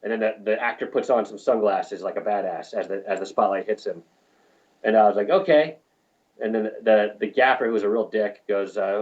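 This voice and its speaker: A man's voice: lowish voice, a little fast, a little mellow, muffled recording. A man from New Mexico who works on film crews, telling profane, rambling anecdotes in a casual interview. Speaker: film crew lighting technician, guest.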